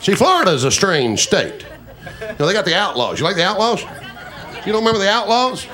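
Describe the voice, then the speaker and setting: A man's voice: high-pitched, very animated, brisk, pushed and bright, some chatter behind. A man, a country singer, chatting and joking with the audience in folksy live stage banter. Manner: joking, teasing, folksy storyteller.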